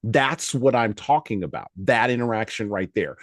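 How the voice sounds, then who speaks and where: A man hosting a podcast in casual discussion, animated and fond of quick acted-out voices to make a point. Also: medium pitch, no echo, studio quality. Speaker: podcast host.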